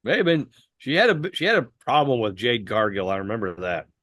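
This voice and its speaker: A man co-hosting a casual podcast chat, relaxed, recalling details with some halting restarts. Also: mid-range voice, no echo, studio quality. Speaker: podcast co-host.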